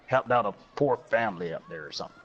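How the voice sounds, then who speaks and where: A man doing deadpan, bantering co-commentary over a video game wrestling match. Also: fairly low pitch, fast talker, breathy edge. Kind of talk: jokey role-play commentary. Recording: dull lo-fi mic.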